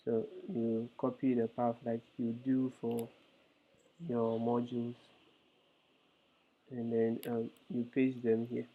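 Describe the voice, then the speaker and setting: A male instructor explains code step by step in a live online lesson, hesitant and leaning on frequent fillers. His mid-range voice is monotone, slow, and broken by frequent pauses, all heard through tinny, phone-like call audio.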